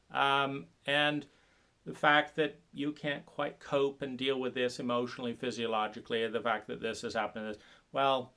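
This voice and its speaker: A man speaks in a bright, forceful tone, delivering a passionate monologue on trauma recovery. His talk is halting, full of fillers and restarts. He turns sarcastic, mocking others in put-on voices. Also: mid-range voice, little pitch movement, clear, resonant tone. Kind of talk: impassioned spoken monologue.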